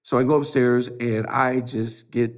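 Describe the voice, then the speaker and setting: A man's voice: medium pitch, fairly even intonation, a little slow. Earnest man in his fifties telling stories. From United States. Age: 50s. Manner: earnest, emotional storyteller who acts out dialogue. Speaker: guest. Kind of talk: storytelling interview.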